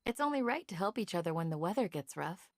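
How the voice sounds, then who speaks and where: A woman voicing a calm, dutiful female village guardian in a video game, who speaks in a formal, composed and polite way. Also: fairly low pitch, fast, noisy background.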